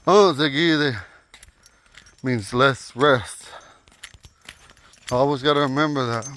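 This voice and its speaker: A man giving a casual, folksy language lesson while out walking at night, talking into a phone and repeating words slowly. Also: mid-range voice, a bit bright. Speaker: language teacher. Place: outdoors at night on a walk.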